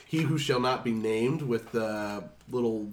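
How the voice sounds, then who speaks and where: A man's voice: mid-range voice, measured pace, very noisy. A young man with a stuffed-up voice from a cold, running a tabletop game as dungeon master in easygoing chat. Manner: laughing, easygoing, trailing off with fillers. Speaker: dungeon master and podcast producer.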